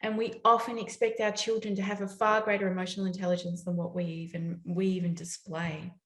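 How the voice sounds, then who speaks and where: Woman, parenting speaker, animated storyteller, echoey room. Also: on the low side, brisk. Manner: lively storytelling, acts out quoted voices. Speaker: parenting educator. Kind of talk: summit talk. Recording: roomy echo.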